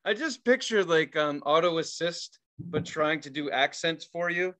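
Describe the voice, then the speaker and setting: A man co-hosting a podcast, telling stories in casual chat, laughing often and yelling out quoted lines. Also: fairly high pitch, moderate pace. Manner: animated storyteller, laughs and yells quoted lines. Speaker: podcast co-host.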